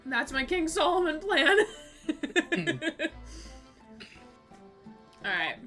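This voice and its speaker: A woman's voice: sits high, sing-song, pushed and bright, faint music behind. A woman streaming a game live, chatting casually with her viewers and often laughing. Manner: giggly, chatty, quick asides to chat. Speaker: Twitch streamer playing a game with a voice partner.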